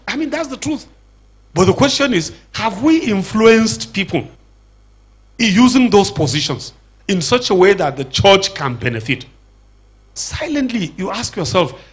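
A man's voice: high voice, slightly rough. A middle-aged Nigerian man with a Nigerian accent gives an earnest church lecture, asking rhetorical questions and repeating words as he searches for a phrase. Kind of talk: public lecture to a church audience.

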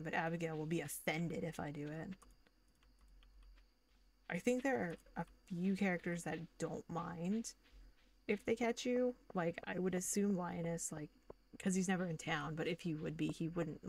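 A woman's voice: fairly low pitch, moderate pace. A woman streaming a farming game, chatting casually and rambling with lots of filler words. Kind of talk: casual gaming commentary.

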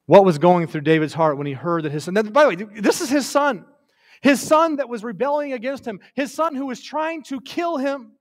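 A man preaching a sermon with passion, rising to loud declarations and dropping to hushed, tender lines. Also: extremely high pitch, lively intonation, normal speed. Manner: impassioned, swings from loud to hushed.

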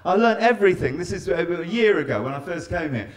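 Fast and lively in intonation, this comedian's voice sits high. He's doing a live stand-up set, engaging and needling the audience amid their laughter.

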